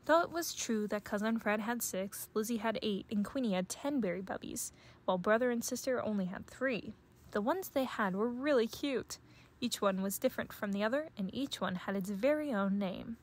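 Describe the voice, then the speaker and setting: A woman narrating a children's picture book read-aloud in a gentle, measured storytelling voice. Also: medium pitch. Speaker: storybook reader.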